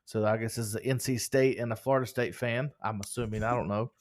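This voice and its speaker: Male podcast co-host, joking, upbeat, mid-pitched, reads listener reviews. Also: fairly even intonation, fast talker. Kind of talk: casual chat, reading reviews aloud.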